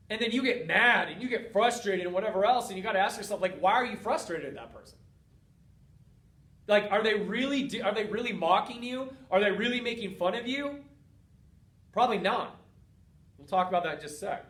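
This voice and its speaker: High-voiced man coaching in a roomy space. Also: a little fast. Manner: energetic, coaching, speaks directly to listener. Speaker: host. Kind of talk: motivational talk. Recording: roomy, distant from mic.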